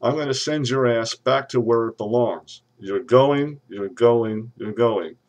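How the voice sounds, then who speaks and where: Pompous irate lawyer played by a man, ranting threats, mid-pitched voice, webcam recording. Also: measured pace, lo-fi sound, close to an everyday voice. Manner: ranting, threatening lawsuits, sudden shouts. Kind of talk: comedic webcam character rant.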